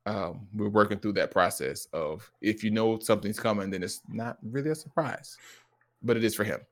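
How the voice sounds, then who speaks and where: The speaker is a male podcast co-host with a lowish voice talking at normal speed in a casual conversation. He recounts stories earnestly and thoughtfully, animatedly playing out quoted lines, his son's included.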